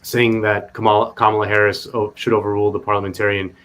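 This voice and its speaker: This is a man with a lowish voice, speaking as a guest on a political talk show. His talk is loose and casual, and he circles around his points with lots of hesitations. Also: level tone, fast talker, fairly bright tone. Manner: rambling, hesitant, full of fillers. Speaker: guest journalist.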